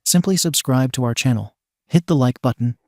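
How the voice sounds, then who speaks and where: A man giving scripted narration of an online post, in a steady reading that spells abbreviations out letter by letter. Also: mid-range voice, normal speed, no room sound, clean studio sound. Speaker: story narrator.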